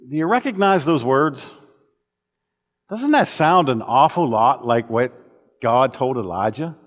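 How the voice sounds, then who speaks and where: A man delivers a sermon from the pulpit of a church auditorium, his voice sitting at an ordinary middle pitch. He tells stories in an earnest way and often restarts his phrases. The sound carries a long, lingering reverb from the church hall. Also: lively intonation, moderate pace. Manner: earnest storytelling with frequent restarts. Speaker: preacher.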